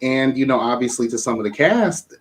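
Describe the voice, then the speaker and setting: A man reviewer on a discussion panel, pressing a guest with measured questions about accountability. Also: medium pitch, animated.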